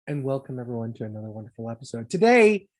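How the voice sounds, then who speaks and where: A woman's voice: a bass voice, big pitch swings, fast, darkish tone. A woman co-hosting a casual wrestling podcast, wry and sarcastic, swearing freely. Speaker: podcast co-host. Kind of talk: casual profane podcast chat.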